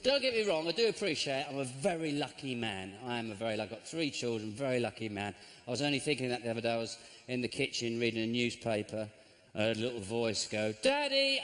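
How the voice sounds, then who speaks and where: A middle-aged man doing stand-up comedy, with a dry, sardonic delivery that jumps into squeaky mock voices. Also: a little hiss or hum. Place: theatre stage. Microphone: stage microphone. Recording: live show with loud audience ambience.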